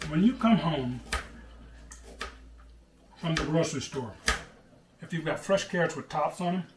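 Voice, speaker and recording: A man's voice: a little high, a little slow, distant mic, background noise. Folksy man cooking in a roomy kitchen. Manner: chatty, folksy, calls people brother. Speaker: cooking show host. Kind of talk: casual cooking demonstration. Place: home kitchen.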